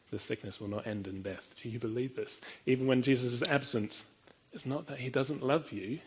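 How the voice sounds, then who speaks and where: A man's voice: mid-range voice, a little fast, highs cut off, a little hiss or hum. A man preaching a sermon in an earnest, emphatic way, often asking his listeners rhetorical questions.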